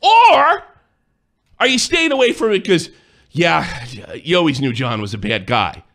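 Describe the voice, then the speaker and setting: An angry man in a profane, accusing rant, sometimes shouting. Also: a little high, huge pitch swings, moderate pace. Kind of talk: heated rant.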